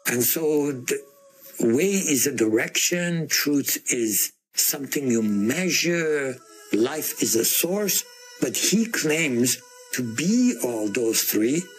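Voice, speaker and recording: A man tells his story in an earnest, measured way, his voice sitting at an ordinary middle pitch. Gentle music plays faintly underneath. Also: lively intonation, breathy edge. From Iran. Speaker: interviewee giving testimony. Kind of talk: emotional personal testimony.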